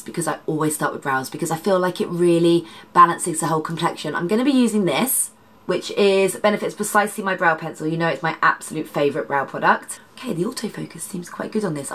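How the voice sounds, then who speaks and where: A congested woman talks through a makeup tutorial, her voice nasal and a little husky. She chats casually, wandering into asides, and sits a touch low in pitch for a woman. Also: lively intonation, fast talker, fairly bright tone. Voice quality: slightly husky, dodgy voice. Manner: chatty, rambling asides. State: congested, nasal from hay fever. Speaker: makeup artist.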